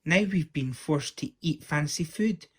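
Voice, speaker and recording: A man's voice: a little high, animated, measured pace, a bit bright, husky, pitched above the performer's own voice, full character voice. A man reading aloud and voicing a grumpy, honest young boy who complains a lot. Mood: whiny. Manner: whiny, complaining.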